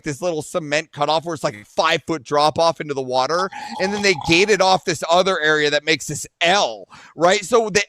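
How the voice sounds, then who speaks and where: High-voiced rambling male storyteller. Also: no room sound. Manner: rambling, fillers like "right?"; acts out shouted arguments. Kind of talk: profane casual storytelling.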